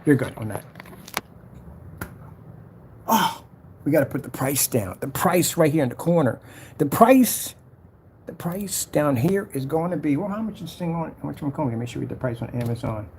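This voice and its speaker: Speaking in a fairly high, darkish voice, this man is expressive but moderately paced and pauses often, with a little hiss or hum on the track. He's a small business owner talking along to a screen recording as he designs a product ad, hyping it boastfully, running down rivals, and muttering and whispering to himself.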